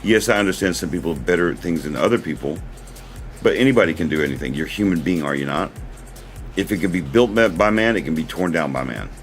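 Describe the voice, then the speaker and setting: An American man hosts his own livestream in casual talk, earnest and rambling and often repeating himself. His deep voice moves fast with lively intonation over soft background music.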